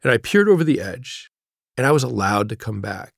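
A middle-aged man, a guest author, telling a personal story in an interview, halting and reflective, dropping to a hush at grave moments. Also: mid-range voice, very animated, vocal fry, no room sound, clean studio sound.

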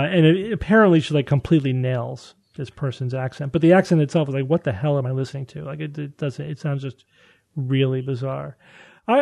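A man with a mellow, somewhat high voice talks through a science story in a loose, conversational way. He circles back on his words often, restarting sentences as he explains. The sound is dry and close, with little room around it. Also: gravelly, no room sound. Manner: explains at length with frequent restarts. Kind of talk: casual science chat.

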